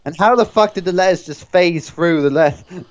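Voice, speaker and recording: A man's voice: high-pitched, a little fast, slight background noise. Sarcastic man on a dull lo-fi mic. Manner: sarcastic, joking, swears often. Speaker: guest co-host. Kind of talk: casual movie riff commentary.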